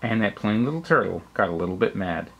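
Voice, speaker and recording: A man, a father, reading a rhyming storybook aloud at bedtime with an expressive, rhythmic delivery. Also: fairly low pitch, quick pace, vocal fry, slightly rough, muffled recording.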